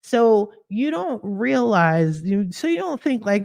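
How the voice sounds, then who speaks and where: A woman's voice: medium pitch, very animated, takes it slowly, vocal fry, a little mellow. Blunt, profane woman telling her story. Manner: blunt, profane, laughs often. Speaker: podcast host. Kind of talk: candid personal storytelling.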